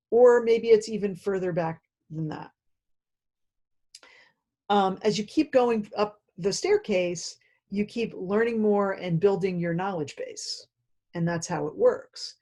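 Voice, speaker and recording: A woman's voice: mid-range voice, a little slow, warm tone. A woman training teachers in a self-paced video lesson, explaining in a direct, conversational way.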